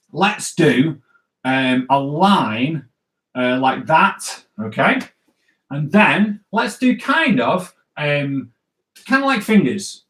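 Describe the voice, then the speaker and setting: A man's voice: on the high side, a bit bright. A man leading a live drawing lesson for kids, upbeat and chatty, always checking in with "all right?". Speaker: comics drawing teacher. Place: indoors at home. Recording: roomy echo.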